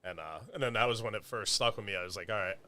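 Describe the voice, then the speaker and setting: A man's voice: fairly low pitch, very fast, bright, forceful tone. A man, a guest on a podcast, chatting casually about his meal prep business with a laid-back, rambling manner and many fillers.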